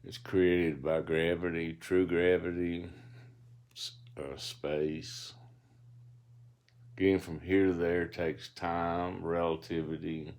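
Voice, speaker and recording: A man talks from his bed in a low, deep voice, wandering through reflective, philosophical asides. He takes his time, speaking slowly and unhurriedly, like a self-made audiobook read aloud. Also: level tone, a little mellow. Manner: meandering, reflective, philosophical musing. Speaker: self-published author reading his own audiobook. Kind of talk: rambling spoken-word monologue. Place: lying in bed in a dark room.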